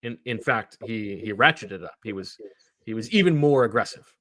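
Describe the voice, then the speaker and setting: A man hosting a sports podcast in casual chat, telling stories in an animated way. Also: fairly low pitch, normal speed, no echo. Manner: animated storyteller.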